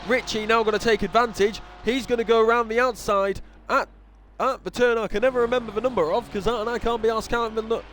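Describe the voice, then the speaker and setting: A race commentator with a northern English accent, this young man has a very high, steady, slightly bright voice and talks fast. His sim racing commentary is rambling and casual, dotted with self-deprecating remarks, and a little hiss or hum runs underneath.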